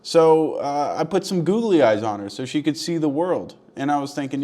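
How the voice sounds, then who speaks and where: A man's voice: fairly high pitch, lively intonation, moderate pace, hardly any pauses, dark tone. A young man delivering a crude, mock-earnest comedic monologue, rambling and swearing as he talks to the camera. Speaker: comedy vlogger.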